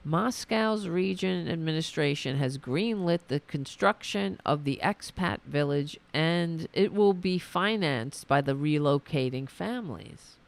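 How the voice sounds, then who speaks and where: A woman hosting a political podcast, delivering an indignant, profane rant full of restarts, her voice going hoarse. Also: sits low. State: losing her voice. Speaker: podcast host.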